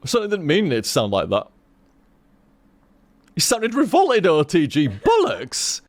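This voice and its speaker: A man's voice: fairly high pitch, wildly swooping pitch, unhurried. A man chatting casually on a game stream, rambling and swearing, tripping over his words.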